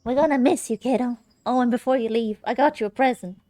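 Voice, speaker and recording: A woman's voice: on the high side, fast talker, dark tone, dry recording, voice pushed up, close to an everyday voice. A woman voicing a fond, cheerful mother in a game, with a silly put-on accent.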